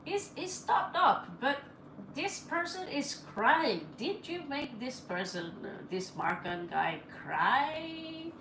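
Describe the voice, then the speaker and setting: A tarot reader who isn't a native English speaker chats and laughs while reading cards aloud on a live stream in slightly broken English. Her high-pitched voice is very animated but slow, in an echoey room with faint ambient noise.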